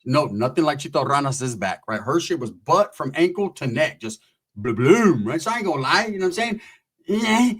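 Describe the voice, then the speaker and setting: A man's voice: on the high side, expressive, fast talker, hardly any pauses, fairly bright tone, husky. A man telling a rambling, crude comic story in a laid-back, profane way. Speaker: comedian.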